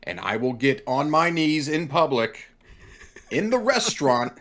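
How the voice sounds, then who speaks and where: A man's voice: a little high, big pitch swings, measured pace, a bit bright. Playful man building up a joke. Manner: playful, builds up jokes with mock drama. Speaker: podcast co-host. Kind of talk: casual chat.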